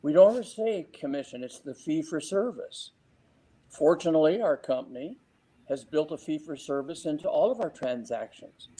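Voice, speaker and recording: A man giving real estate sales advice in an interview, speaking lively and acting out exchanges with clients. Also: a little high, normal speed, slightly rough, poor audio.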